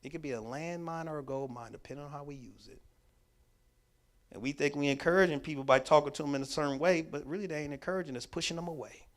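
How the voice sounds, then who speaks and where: A man's voice: a little high, fast talker. A man presenting a workshop to a church audience, talking in an emphatic, repetitive preaching cadence with casual, conversational grammar. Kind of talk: teaching talk to a church audience.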